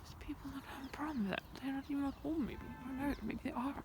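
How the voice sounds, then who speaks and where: Young-sounding woman, fairly high voice, musing to a handheld camera on a hike, slips into whispers, faint birdsong and wind around her. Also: racing. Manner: rambling, thinking aloud, often drops to a whisper. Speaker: vlogger. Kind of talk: reflective walking vlog. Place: outdoors in the countryside by a fence. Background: birds and sheep in the open air.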